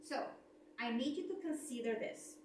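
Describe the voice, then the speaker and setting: A middle-aged woman telling a personal story about layoffs, expressive, laughing often and acting out the dialogue. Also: on the high side, normal speed, slight background noise. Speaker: speaker on layoffs. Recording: echoey room, voice from a distance.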